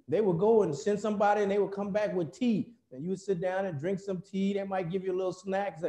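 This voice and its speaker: Folksy American preacher in an echoey church. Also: male voice, high-pitched, brisk, hardly any pauses. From United States. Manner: folksy, animated storytelling with many fillers and acted-out quotes. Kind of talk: sermon.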